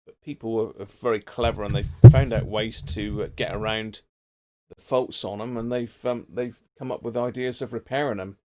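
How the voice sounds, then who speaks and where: A man's voice: lowish voice, steady tone, normal speed, dark tone. A middle-aged man chatting casually on his live stream, rambling between topics and greeting viewers by name. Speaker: livestream host. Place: home workshop.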